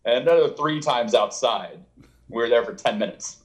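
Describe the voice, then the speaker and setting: A man's voice: medium pitch, normal speed. A man speaking as an author guest in a casual interview, telling a long, rambling story and acting out what people said. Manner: rambling, animated, acts out quotes with laughs.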